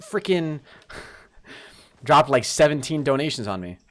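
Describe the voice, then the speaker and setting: A man streaming a game live, commenting on play and talking straight to his chat in a lively, apologetic way. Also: a little high, measured pace. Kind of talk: live gameplay commentary and chat shout-outs.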